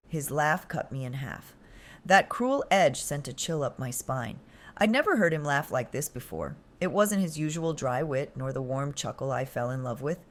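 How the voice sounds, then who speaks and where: Low-voiced woman narrating a dramatic story. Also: expressive, moderate pace. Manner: dramatic, emotional, drops into breathy whispers. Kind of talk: scripted first-person story narration.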